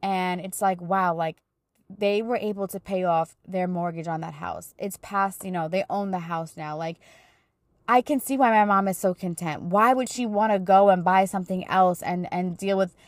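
A woman's voice: lowish voice, normal speed, no echo. Earnest woman in her thirties, dry sound. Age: 30s. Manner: earnest, chatty storytelling with lots of fillers. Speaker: podcast host. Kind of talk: casual faith talk.

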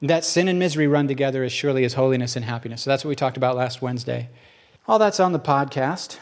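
A man's voice: medium pitch, fast talker. A man teaching in church in an earnest, conversational sermon style, telling stories with animation.

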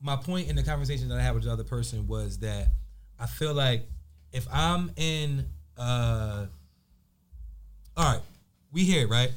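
A man's voice: medium pitch, measured pace, long pauses, a little hiss or hum. A man with a South Jersey accent, co-hosting a casual conversation, rambling through his theories with many restarts. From South Jersey, near Philadelphia. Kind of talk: casual chat.

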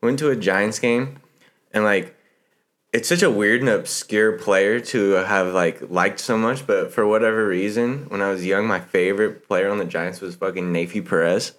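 A man's voice: lowish voice, normal speed, a bit bright. A man chatting casually with friends, swearing and reacting with exclamations. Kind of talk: casual chat.

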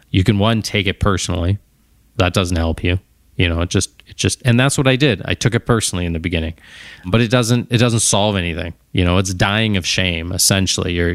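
A man's voice: deep voice, vocal fry, a bit bright, dry recording, clean studio sound. A man hosting a podcast on his own, talking casually and wandering off into tangents. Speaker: podcast host. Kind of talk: casual solo monologue.

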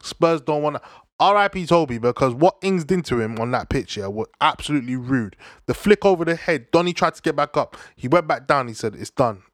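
A young man giving a casual, animated football rant, full of slang, swearing and laughter. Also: on the high side, fairly quick, no echo, clean studio sound. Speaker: football fan commentator. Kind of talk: casual opinionated football chat.

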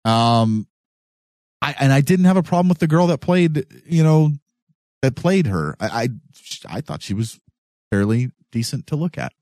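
A man co-hosting a podcast, talking loosely with lots of swearing and swinging his pitch up and down as he goes. The recording is dry and close, with no room around him. His middle-pitched voice jumps into mocking impressions. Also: expressive, normal speed, a little mellow, no room sound. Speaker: podcast co-host. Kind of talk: casual chat.

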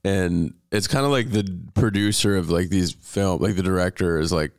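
A man, a comedian guest on a podcast, chatting casually and telling jokes with animated delivery. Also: low voice, moderate pace, clean tone, dry recording, clean studio sound. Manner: animated joke telling, laughs often.

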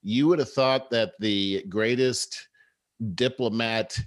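A man hosting a talk show, telling political stories in a measured, conversational way. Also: medium pitch, no echo. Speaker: show host. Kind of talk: casual political commentary.

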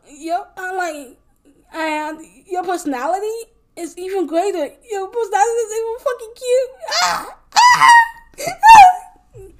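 A woman's voice: very high voice, a little mellow. A young woman hosting a solo podcast, rambling and emphatic, swearing freely with lots of restarts. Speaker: podcast host. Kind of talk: casual solo podcast monologue.

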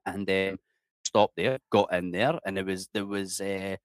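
A man's voice: low voice, fairly even intonation, unhurried, smooth, no echo. A middle-aged man with a Scottish accent, telling stories in a casual interview, chatty and swearing freely. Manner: chatty, swears freely, says "mate" a lot. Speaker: interview guest. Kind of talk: casual storytelling.

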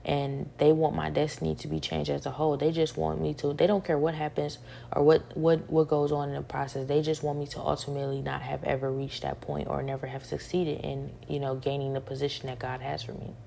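Low gravelly woman venting. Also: level tone, brisk, mellow, a little hiss or hum. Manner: repetitive, frustrated, restating each point several times. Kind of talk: venting monologue.

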